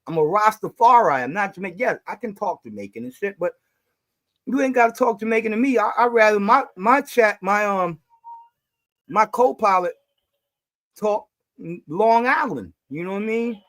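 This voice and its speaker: A male streamer with a high, ringing voice hosts in loud, laughing banter full of cussing. He talks casually and teases his co-host. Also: lively intonation, moderate pace. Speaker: livestream host. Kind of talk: casual chat.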